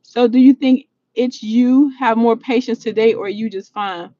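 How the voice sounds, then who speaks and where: A woman with a high voice talks casually to her livestream chat from inside a vehicle. She speaks bluntly and with energy, using plenty of slang and swearing freely. The sound is dull and lo-fi, like phone-streamed audio. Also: a little slow, few pauses, warm tone, no echo. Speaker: livestream host answering chat. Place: in a vehicle, driving.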